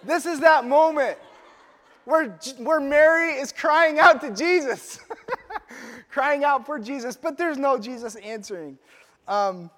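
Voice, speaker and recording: A man's voice: very high-pitched, measured pace, bright, forceful tone. A man preaching a sermon as a pastor, telling the story playfully with joking asides. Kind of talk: Father's Day sermon. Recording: long reverb of a large hall.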